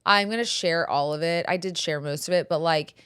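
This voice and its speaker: Woman host in her thirties, storyteller who swears a lot and does everyone's voices, somewhat low. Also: brisk, fairly bright tone, clear, resonant tone, dry recording, clean studio sound. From California. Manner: chatty storytelling, swears freely, acts out quoted people. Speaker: podcast host. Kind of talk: casual chat.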